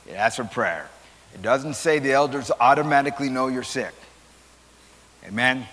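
A man's voice: medium pitch, normal speed, fairly bright tone. A male pastor leading a Sunday school lesson in a conversational preaching manner, calling on class members by name. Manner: conversational preaching, calls on listeners. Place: church. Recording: long hall reverb.

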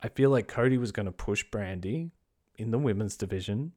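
A man's voice: on the low side, brisk, a little mellow. A man hosting a podcast, giving blunt, rambling opinions with frequent swearing and restarts. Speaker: podcast host. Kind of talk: casual opinion commentary.

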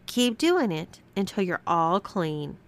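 A woman's voice: lowish voice, big pitch swings, slow pace. A woman voicing a bossy young woman who mocks and gives orders, with a teasing, commanding manner.

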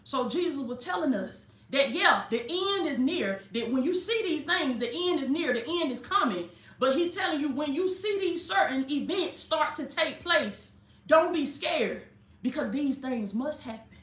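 Bright fervent woman preaching online. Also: sits high, expressive, normal speed, echoey room. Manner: fervent call-and-response preaching, addresses viewers as baby. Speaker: preacher and life coach. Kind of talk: informal online sermon.

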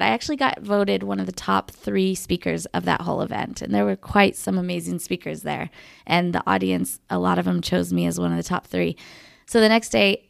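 A woman in her thirties tells a story in casual, animated chat with a strongly gravelly, fry-laden voice. She swears freely, and the sound is dry and close. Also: medium pitch, no echo. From Georgia, USA. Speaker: guest.

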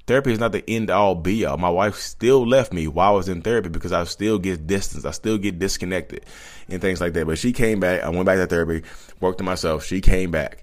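A vlogger in his thirties with a very low voice delivers a candid confessional monologue. He talks fast and rambles, speaking bluntly and correcting himself along the way.

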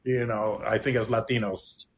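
A man's voice: lowish voice, little pitch movement, moderate pace, slight background noise. Man from Illinois, reflective chat. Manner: reflective, rambling with many restarts. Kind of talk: casual chat.

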